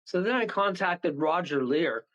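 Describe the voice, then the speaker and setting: A man guest on a radio show, telling rambling, animated stories and laughing partway through them. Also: a little high, unhurried, dull audio. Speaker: paranormal guest. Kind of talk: casual storytelling on a radio show.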